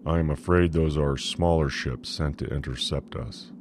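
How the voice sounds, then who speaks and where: A grim male starship captain in a sci-fi audiobook, giving orders quietly and firmly, in the reader's own very deep voice. He sounds resigned and in command. A faint hiss sits under the voice. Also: steady tone, moderate pace.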